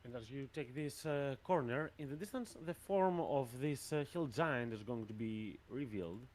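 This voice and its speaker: Man, game master, tabletop narration, measured, descriptive. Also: mid-range voice, darkish tone, slight background noise.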